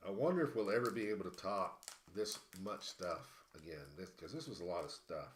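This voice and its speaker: A man's voice: deep voice, expressive, a little fast, echoey room, slight background noise. A man hosting a live stream, calling out a long list of collectible cards in a rambling, casual way with many fillers and restarts. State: out of breath. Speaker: livestream host.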